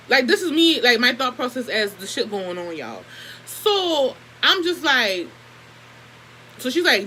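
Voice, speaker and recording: A young woman vlogger telling a story in a casual, animated and heavily profane way. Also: sits high, unhurried, a little hiss or hum, rough recording. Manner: profane, animated, emphatic retelling.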